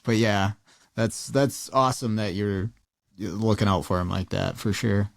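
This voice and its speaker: A man's voice: on the low side, normal speed, gravelly, dry recording, studio quality. A man hosting a podcast, easygoing and chatting casually with his guest. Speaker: podcast host.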